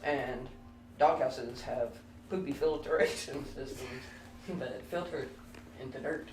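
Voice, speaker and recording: A man's voice: medium pitch, fairly even intonation, slow, darkish tone. A young man telling a goofy improvised story in a casual comedy chat, full of interruptions and running gags. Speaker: co-host. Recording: distant mic in an echoey room with noise.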